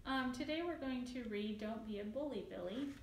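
A woman reading a children's picture book aloud, slowly and clearly, with playful emphasis. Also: a little high. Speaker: storybook reader. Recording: echoey room, distant mic, faint background noise.

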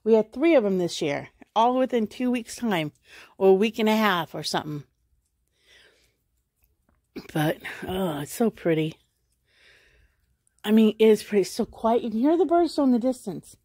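A woman's voice: on the high side, sing-song, fairly quick, warm tone, no room sound, studio quality. A woman talking casually and rambling to her camera while she walks outdoors around her house, musing aloud as she goes. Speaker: vlogger. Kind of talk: casual walk-and-talk vlog.

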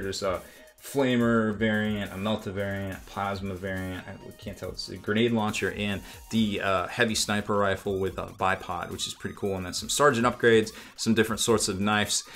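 Man, casual unboxing commentary, fairly low pitch, rambling with lots of fillers, faint music behind. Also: a bit bright. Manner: rambling, many fillers and self-corrections. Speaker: miniatures reviewer.

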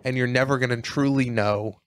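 A man's voice: mid-range voice, brisk, no room sound. Male co-host, mid-range voice, jokey, dry studio sound. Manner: jokey, tosses off deadpan gags. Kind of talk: casual comedic chat.

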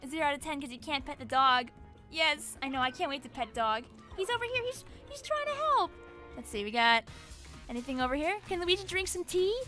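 A young woman streaming a video game, chatting excitably, giggling and shrieking at the screen. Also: sits high, brisk, faint music behind. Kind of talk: gameplay commentary.

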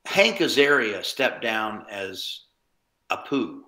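A man, a voice actor guest, chatting casually in an interview, animated and quick with asides and chuckles. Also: lowish voice. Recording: roomy echo.

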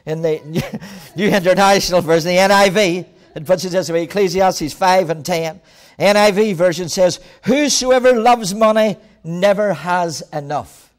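A man preaching a sermon as pastor, telling stories with sudden swings from quiet to loud and frequent laughs. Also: high voice. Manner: storytelling preacher with dramatic swings in loudness, laughs often.

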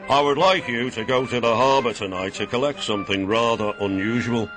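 Brief: British man as a brisk, formal railway boss. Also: mid-range voice, music in the background, lightly acted. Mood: businesslike.

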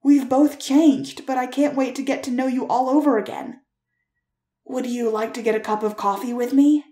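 A woman voicing an earnest, tender young man who pleads and coaxes with emphatic warmth. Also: high-pitched, fairly even intonation, moderate pace, echoey room, natural voice. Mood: playful.

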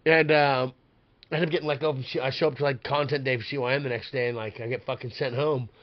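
A man's voice: medium pitch, fairly even intonation, quick pace, highs cut off. A man who is a podcast guest and pro wrestler, telling a rambling, profane story with lots of filler words. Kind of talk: casual storytelling.

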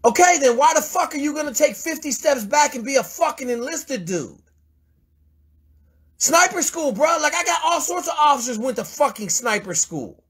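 A man's voice: very high voice, big pitch swings, normal speed, fairly bright tone. A man mentoring a caller in a blunt, profane, confrontational lecture. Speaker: host mentor.

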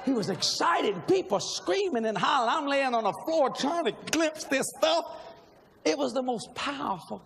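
Preacher, man, very high gravelly voice, lively delivery, echoing hall with a faint crowd. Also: normal speed, slight background noise. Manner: animated, bursts into shouting. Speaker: minister. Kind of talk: sermon storytelling.

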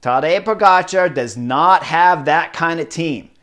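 A middle-aged man giving casual, excited analysis of a bike race, stressing points with emphatic repetition. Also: a little high, measured pace. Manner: excited, emphatic, piles up rider titles.

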